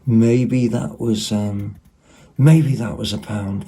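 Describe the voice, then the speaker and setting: A man's voice: lowish voice, fairly even intonation, slow, warm tone, breathy edge. A man giving a rambling, casual show-and-tell of second-hand finds at home, with lots of ums and asides. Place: home, at a table.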